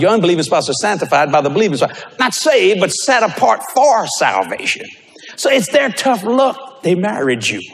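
A man preaching a sermon, telling stories with animated delivery and bursts of shouting. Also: on the high side. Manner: animated storytelling, breaks into shouts.

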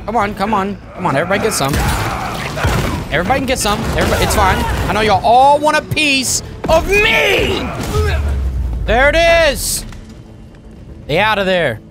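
A man giving excitable, jokey commentary over his gameplay as the channel host. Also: high voice, normal speed, long pauses, over loud music. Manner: excitable, jokey, loud outbursts.

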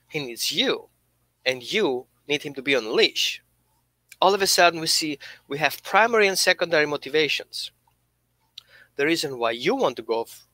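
A man teaching dog training, emphatic and explanatory, with a voice that swings up and down. His tone is bright and sits a little high. The sound is dry and close. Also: no room sound. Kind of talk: instructional talk.

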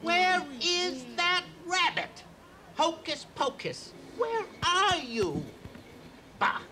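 A man's voice: very high voice, sing-song, drawn-out words, a little hiss or hum, exaggerated voice. A man voicing a bumbling, grumpy stage magician with theatrical patter in a cartoon. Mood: blustering. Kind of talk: cartoon voice acting. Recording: soundtrack with loud music behind. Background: cartoon music.

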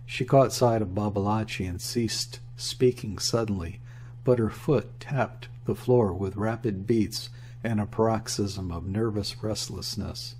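Guy narrating an old novel audiobook, low mellow voice, measured. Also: slight background noise.

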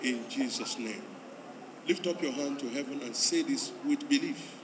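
A man's voice: mid-range voice, normal speed. A man, a pastor at a church convention, leading an altar call and a prayer, repeating his urgent calls to come forward. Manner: repetitive, urging, rising to loud pleading calls. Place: large church hall at a convention. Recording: echoey hall, distant mic, crowd noise.

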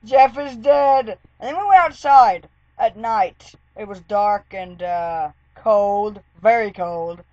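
A woman's voice: mid-range voice, animated, slow, darkish tone, no room sound, dull audio. A woman vlogger telling a story in a casual, rambling way, with lots of "like". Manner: chatty, rambling, full of "like" fillers.

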